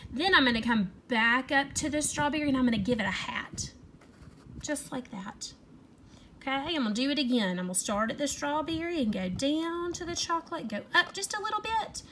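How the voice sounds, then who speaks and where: A woman teacher leading a young children's phonics lesson, stretching words in an animated, sing-song way. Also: sits high, slight background noise.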